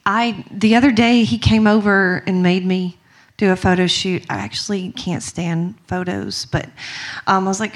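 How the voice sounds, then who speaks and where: A woman's voice: medium pitch, normal speed. A young woman from Mississippi with a strong Southern accent, chatting casually and giggly with lots of fillers. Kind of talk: casual chat to a group.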